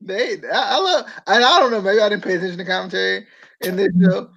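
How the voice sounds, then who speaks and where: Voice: mid-range voice, quick pace, creaky, fairly bright tone, dull audio. A podcast co-host chatting casually about wrestling, joking and laughing often. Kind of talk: casual chat.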